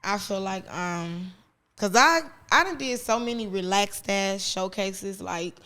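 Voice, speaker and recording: A woman's voice: mid-range voice, measured pace, sharp tone. A woman with a Gary, Indiana accent, a guest rapper chatting casually, laid-back and goofy, swearing freely. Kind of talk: casual podcast chat.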